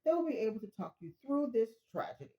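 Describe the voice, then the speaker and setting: A woman voicing a calm, firm emergency operator who speaks briskly and matter-of-factly. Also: on the high side, lo-fi sound.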